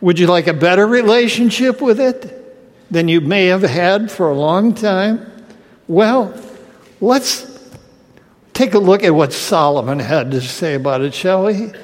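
High-voiced, unhurried male preacher. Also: expressive. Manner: asks the congregation rhetorical questions. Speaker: pastor. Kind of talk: sermon. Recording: long hall reverb.

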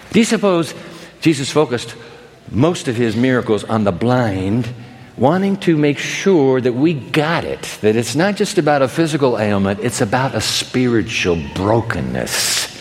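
A man preaching a sermon to a congregation, telling a story with lively acting and asides. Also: medium pitch, a little slow, big-room sound. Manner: animated storytelling, acts out characters. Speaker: pastor. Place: large church hall with long reverb.

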